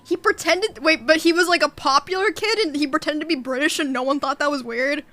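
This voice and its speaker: A young woman in casual chat, reacting bluntly, swearing freely and asking quick questions. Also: sits high, sharp tone, no echo.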